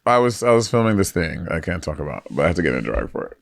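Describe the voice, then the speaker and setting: A man co-hosting a podcast in casual chat, telling stories with playful energy and quick quoted voices. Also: low-pitched, very animated, creaky. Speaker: podcast co-host.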